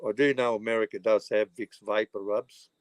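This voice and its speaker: A man's voice: fairly low pitch, fairly even intonation, normal speed, dry recording. A middle-aged Australian man hosting a livestream, rambling and swearing heavily, with lots of "you know" filler. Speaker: livestreaming channel host. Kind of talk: rambling casual livestream chat.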